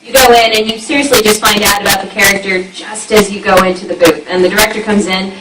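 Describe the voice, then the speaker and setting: A woman speaking on a convention panel of voice actors, explaining in a relaxed way. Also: medium pitch, quick pace, a loud crowd. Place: large convention panel room. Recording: echoey hall from far off, noisy.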